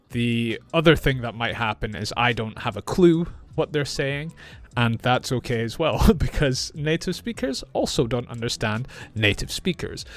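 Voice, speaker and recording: A man from Scotland with a Scottish accent, speaking clearly and slowly as an English teacher reacting to clips. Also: medium pitch. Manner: clear, slow and friendly teaching. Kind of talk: reaction video lesson.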